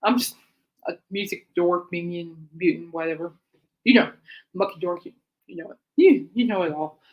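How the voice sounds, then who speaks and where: A woman hosts her own music chat show, rambling through a casual monologue in which she laughs often and gets sidetracked easily. Her voice is lowish and moderately paced, and the audio is narrow and tinny.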